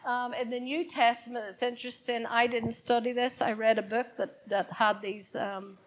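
Woman preacher, off-the-cuff sermon, leans on repeated phrases, voice on the higher side. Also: flat delivery, moderate pace, low-quality recording. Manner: unscripted, repeats key words for emphasis. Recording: church service, congregation present.

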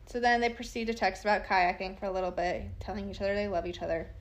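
A woman's voice: medium pitch, steady tone, quick pace. A woman telling a true crime story by reading text messages aloud, in a plain, matter-of-fact way with casual asides.

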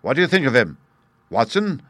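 A man doing a brisk, impatient detective. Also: medium pitch, very animated, a bit bright, no room sound, pitched above the performer's own voice. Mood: puzzled. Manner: brisk and incisive. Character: sharp, impatient male detective.

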